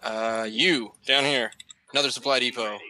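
A man casually commentating a game with a co-host, excitable and joking. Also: medium pitch, moderate pace. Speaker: gaming co-host.

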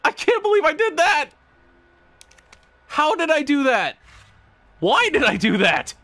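Excitable high-voiced man streamer. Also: measured pace, a little hiss or hum. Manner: loud, laughing, swearing outbursts. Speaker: game streamer. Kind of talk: excited gameplay commentary.

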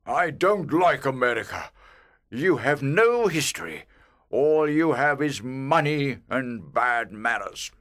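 An actor playing a proud, rude old ghost who has not slept for centuries, speaking slowly and haughtily. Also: male voice, mid-range voice, lively intonation, a bit bright. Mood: scornful. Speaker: ghost in a graded reader audio. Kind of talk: scripted audiobook drama.

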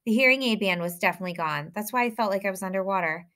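A woman reading a novel aloud, telling a lively first-person story. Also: medium pitch, rapid-fire. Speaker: audiobook reader.

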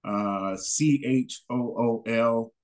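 A man from North Carolina answering a question in an online class, halting with many fillers and restarts. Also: mid-range voice, a little mellow. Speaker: assistant teacher.

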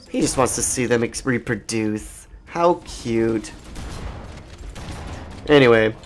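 A man's voice: medium pitch, takes it slowly, long pauses. An adult man hosting a let's play, telling a meandering, profane, jokey story while he plays. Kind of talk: rambling gaming commentary.

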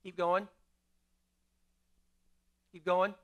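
A man's voice: high-pitched, little pitch movement, drawn-out words, lo-fi sound. A middle-aged man preaching to his congregation as pastor, talking with them in a conversational way, asking questions and repeating key lines for emphasis. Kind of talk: sermon. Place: church sanctuary.

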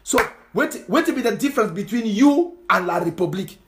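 In a high, lively voice at a fairly quick clip, a political commentator with a Cameroonian Pidgin English accent berates his audience on social media, firing off repeated rhetorical questions with passion. Background noise is present.

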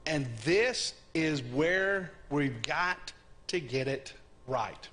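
A man preaching a sermon, animated and conversational, asking his congregation questions as he teaches. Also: a little high, very slow. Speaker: pastor.

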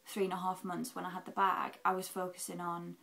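A woman's voice: lowish voice, completely flat delivery, a little fast, gravelly, fairly bright tone, poor audio. A young woman from England giving a chatty, candid vlog update about her recovery, full of "um"s and acted-out quotes. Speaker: vlogger. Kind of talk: casual health update vlog.

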